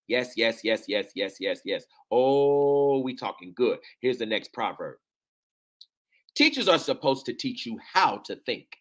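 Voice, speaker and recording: A man's voice: mid-range voice, bright, forceful tone. A man giving a fervent, preacher-like address to teachers, emotional and near tears at times, repeating phrases and calling out to the listeners.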